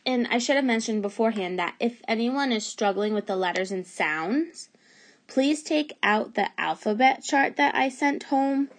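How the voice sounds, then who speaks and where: A woman's voice: fairly high pitch, animated, normal speed. A woman teacher giving a remote phonics lesson to young children, patiently sounding out letters and words.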